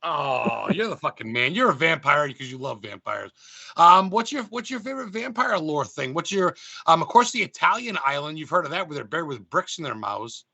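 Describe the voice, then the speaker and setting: A man hosting a podcast over a video call, chatting casually and excitedly, rambling and swearing a lot. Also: fairly high pitch, fairly quick, creaky, slightly rough, no echo. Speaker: podcast host. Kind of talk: casual chat.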